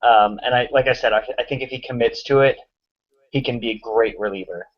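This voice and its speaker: A man's voice: mid-range voice, brisk, muffled recording. A man co-hosting a casual sports podcast over a remote call, joking and full of fillers. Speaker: podcast co-host.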